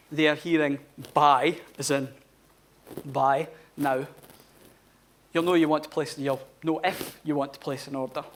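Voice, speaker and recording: A man's voice: a little high, a little hiss or hum. A man giving a live conference talk in a blunt, informal manner, swearing freely. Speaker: conference speaker. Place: conference hall.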